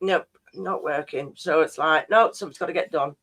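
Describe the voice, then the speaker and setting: A woman's voice: sits low, moderate pace, a bit bright. A woman co-hosting a casual livestream, blunt and sweary, reading comments aloud and laughing easily. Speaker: livestream co-host.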